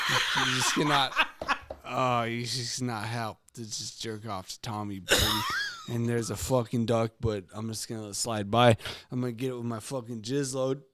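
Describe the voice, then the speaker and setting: A man co-hosting a podcast, doing crude comedic rants that get loud and jumpy. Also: mid-range voice, moderate pace, dry recording, clean studio sound. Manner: excitable, profane, voice jumping up when ranting. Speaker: podcast co-host. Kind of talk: crude comedic improv rant.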